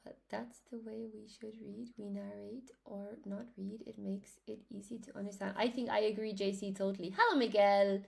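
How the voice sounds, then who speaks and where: A woman's voice: mid-range voice, level tone, moderate pace, gravelly, hardly any pauses, darkish tone. A woman teaching English in a chatty live lesson, greeting viewers by name as she explains grammar.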